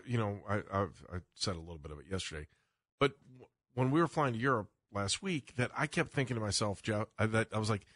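A man's voice: lowish voice, a bit bright, dry recording, clean studio sound. A man co-hosting a sports radio show, talking casually and restarting his sentences often. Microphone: studio microphone.

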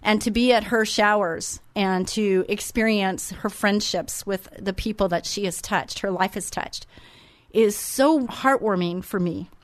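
A woman's voice: medium pitch, a little slow, no echo. A middle-aged woman hosting a faith-based radio talk show, speaking in a heartfelt, sentimental way. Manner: heartfelt, sentimental, openly emotional.

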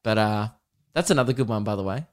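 A man's voice: on the low side, quick pace. A young Australian man hosting a comedy podcast, rambling casually, swearing freely and cracking himself up. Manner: swears freely, self-amused, breaks into laughter.

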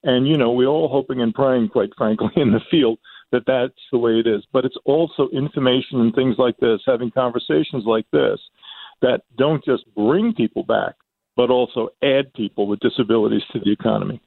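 A man calling in as a radio guest, speaking in an earnest, measured way. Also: mid-range voice, gravelly, dry recording. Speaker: guest, council chairman. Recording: phone line.

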